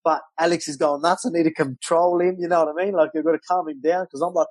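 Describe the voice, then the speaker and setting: Male guest, lively storyteller, swears freely, dry close mic. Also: on the high side, quick pace, hardly any pauses, no room sound, low-quality recording. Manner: animated storyteller, loose swearing, acts out quotes. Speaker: guest, professional fighter. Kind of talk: storytelling in casual interview.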